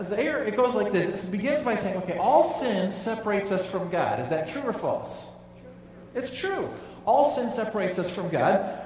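A man's voice: high voice, recorded from a distance, a little hiss or hum. Emphatic male pastor in echoey hall. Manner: emphatic, conversational, asks the congregation questions. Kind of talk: sermon. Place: church sanctuary.

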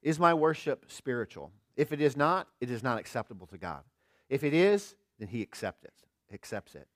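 A middle-aged male pastor preaching with earnest conviction, his voice sitting at an ordinary mid pitch. He drops to near-quiet, then builds to emphatic rhetorical questions. The sound is dry and close, with no room around it. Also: big pitch swings, a little fast, no echo. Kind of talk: sermon.

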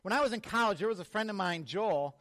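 A man with a high voice delivers a sermon from the pulpit. As a pastor, he tells lively personal stories. He acts out the people in them as he goes. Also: fast talker. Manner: animated storytelling, acts out quotes.

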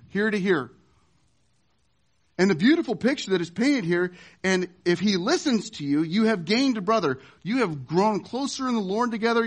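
A male pastor delivering a sermon. His voice sits high, and he preaches emphatically, pushing some points hard and dropping others to a hush. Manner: emphatic preaching, wide swings from loud to hushed.

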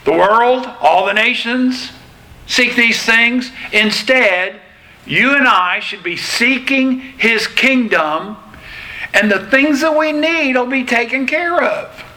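A man preaching a sermon in a slow, deliberate way, pausing between phrases. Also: very high-pitched, bright, forceful tone, rough recording. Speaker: pastor.

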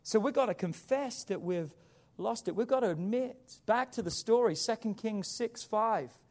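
High-voiced preaching pastor, emphatic. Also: male voice, animated, moderate pace, a little mellow. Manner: preaching with emphatic rises and drops. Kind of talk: sermon.

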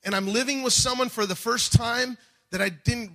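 High, bright-voiced preaching man. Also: moderate pace. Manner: dynamic preaching, swings from soft to shouting. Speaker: pastor. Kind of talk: sermon.

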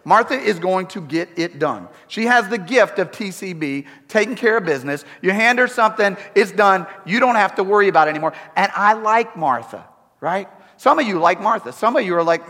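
A male pastor preaching a sermon in an animated style, repeating himself and throwing in humorous asides. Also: high-pitched, brisk. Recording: echoey hall.

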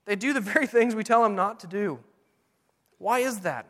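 A middle-aged man preaching a sermon in a church, earnest and emphatic, slowing down to read scripture. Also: high-pitched. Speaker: pastor. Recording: long hall reverb.

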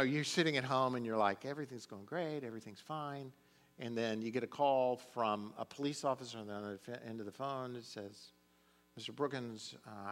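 A middle-aged man preaching a sermon as a pastor. He tells a personal story earnestly, dropping to a hush at tender moments and rising into fervent prayer. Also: lowish voice.

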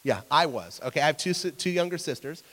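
A man's voice: on the high side, expressive, quick pace, bright, forceful tone. Man preaching in a reverberant hall. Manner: conversational, asks the audience questions; acts out voices in anecdotes. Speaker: pastor. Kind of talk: sermon. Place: church hall with an audience.

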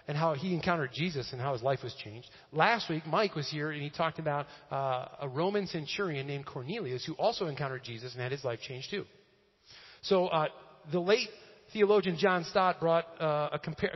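A male pastor giving a casual, joking sermon in a church, often using fillers. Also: on the high side. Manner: conversational and joking, with frequent fillers. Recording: echoey hall, dull lo-fi sound.

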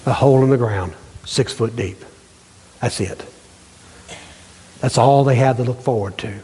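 A man's voice: medium pitch, dark tone, breathy edge. Emphatic preaching man in echoing hall. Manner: emphatic, rhythmic preaching with dramatic pauses. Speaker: pastor. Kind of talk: sermon. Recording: long hall reverb.

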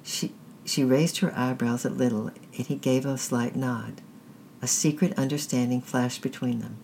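A measured storyteller reads a children's tale aloud. The voice sits in a middle pitch with a gravelly grain. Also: steady tone, a little mellow, a little hiss or hum. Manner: measured, deliberate reading. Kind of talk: scripted narration of a children's story.

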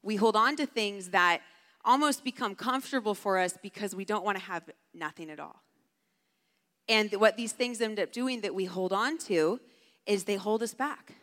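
A woman's voice: mid-range voice, normal speed, fairly bright tone. Brief: woman camp speaker, casual chatty sermon, long hall reverb. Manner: casual, chatty, heavy use of "like". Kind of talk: storytelling sermon.

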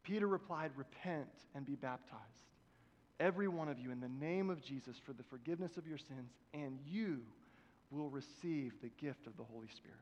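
A man preaching a sermon as pastor, with emphatic swings between loud exhortation and hushed prayerful passages. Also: mid-range voice, normal speed, muffled recording. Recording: long hall reverb from a church.

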